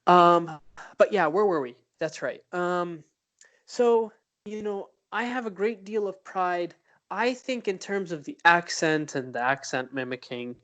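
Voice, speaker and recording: A man's voice: sits high, unhurried, a bit bright. A man co-hosting a podcast in casual chat, rambling and hesitant with many fillers. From Arab background. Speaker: podcast co-host.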